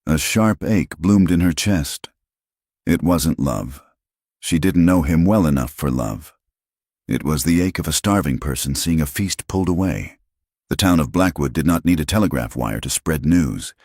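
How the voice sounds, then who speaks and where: A man narrating a western audiobook in a steady, measured storytelling manner. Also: rumbling low, husky, no room sound, studio quality.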